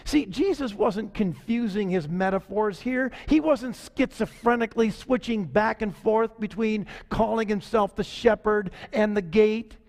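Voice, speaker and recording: A man with a high-pitched voice preaches a sermon as the pastor. He talks in a relaxed, conversational way and slows down to stress his key lines. His voice carries a long reverb, as in a large hall.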